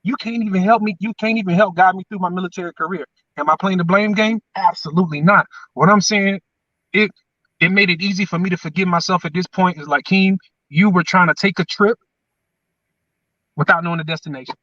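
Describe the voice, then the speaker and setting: A man's voice: sits high, fairly quick, pushed and bright, dry recording, far from the mic, highs cut off. A man, co-hosting and talking in an emphatic, repetitive, preacher-like way. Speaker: podcast co-host. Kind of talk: motivational casual chat.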